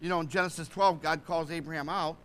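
Male preacher, high and bright, fervent, keeps checking that the church is with him. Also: fairly even intonation, fast talker, a little hiss or hum. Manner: fervent, often asks the congregation to follow along. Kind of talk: sermon.

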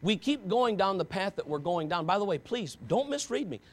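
A man's voice: high voice, very animated, a little fast. A pastor preaching a sermon to his congregation, talking straight at them in an impassioned, conversational way and pressing them with rhetorical questions.

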